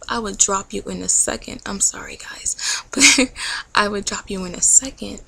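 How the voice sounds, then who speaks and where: A young woman in her twenties talking earnestly in a faith-based vlog, encouraging viewers and often dropping to a soft near-whisper. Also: mid-range voice, vocal fry, low-quality recording. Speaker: vlogger.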